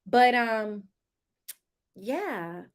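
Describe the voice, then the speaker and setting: With a clean, fairly high and animated voice, an American woman with a Southern accent speaks extremely slowly. She's casually reviewing a reality show live for viewers, often laughing and calling them y'all.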